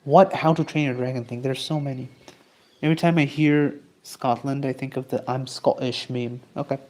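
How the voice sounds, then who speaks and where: A man's voice: mid-range voice, steady tone, brisk, darkish tone. A man streaming live, chatting casually and rambling as he answers his chat while he draws. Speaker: streamer and artist.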